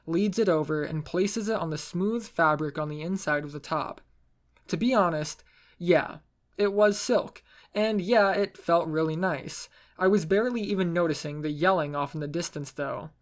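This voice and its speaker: A man narrating a first-person story in a wry, self-mocking way. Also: on the high side.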